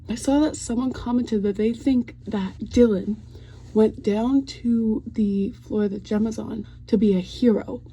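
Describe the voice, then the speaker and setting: Young woman, casual home vlog, rambling, cursing, mellow, husky. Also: a little high, rough recording. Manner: chatty, swears freely, rambling fan rant. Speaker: vlogger.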